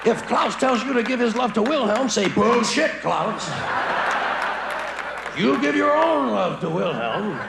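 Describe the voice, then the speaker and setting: A man in his forties performing stand-up comedy in a large theater, with a wry, sardonic delivery and quick mock voices. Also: very high-pitched, very animated, creaky, over a noisy crowd. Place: large theater stage before a live audience. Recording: live theater recording with audience noise.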